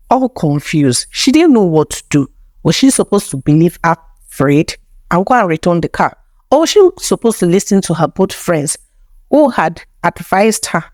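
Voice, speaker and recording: A woman with a Nigerian accent narrates a folktale with dramatic, animated delivery. Her voice is lower than most women's and rises and falls widely, recorded close with no room echo. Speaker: storyteller.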